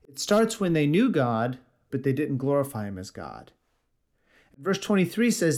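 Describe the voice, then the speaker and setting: A man's voice: mid-range voice, very animated, moderate pace, a little mellow. A man preaching a sermon, reading scripture aloud and earnestly expounding it.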